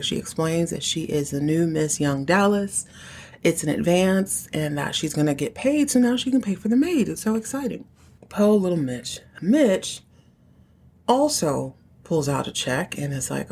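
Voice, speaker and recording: A woman hosts a casual recap podcast, her voice sitting a little low. She talks in a chatty way and drops playful asides into the story. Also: lively intonation, moderate pace, warm tone, breathy edge. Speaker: podcast host.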